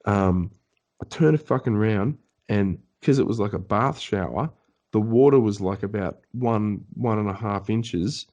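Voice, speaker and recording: A male podcast co-host speaks in a lowish, unhurried voice through a muffled recording. Telling a story in casual chat, he's animated, swears often, and imitates the voices of the people in it.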